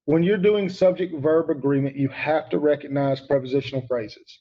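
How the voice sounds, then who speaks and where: A man's voice: fairly high pitch, expressive, moderate pace, lo-fi sound. A man teaching grammar to students online, emphatic and repeating key points, calling on students by name.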